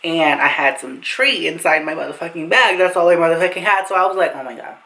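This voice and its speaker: A young woman vlogger telling a storytime tale to camera in an animated, slangy, profane way. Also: lowish voice, a little fast, gravelly, rough recording. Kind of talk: storytime vlog.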